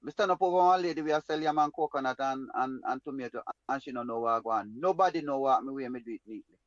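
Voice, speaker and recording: A man's voice: medium pitch, fast, no echo, muffled recording. A man with a Jamaican accent telling a personal story in an emphatic, rambling way in patois. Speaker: guest storyteller.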